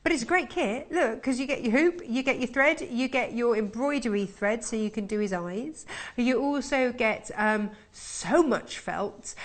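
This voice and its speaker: A woman's voice: fairly high pitch, a bit bright. A woman presenting a live shopping channel from a TV studio, chatting and selling in upbeat patter.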